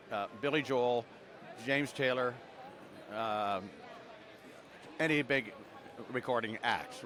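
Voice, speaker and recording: A man's voice: medium pitch, bright, forceful tone. An older man from Canada tells long stories in a casual, meandering way, circling back with fillers and half-finished sentences. His voice sits in an ordinary middle register. He is recorded outdoors amid a convention crowd. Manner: rambling anecdotes with many fillers and restarts. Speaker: voice actor guest. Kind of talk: casual storytelling interview.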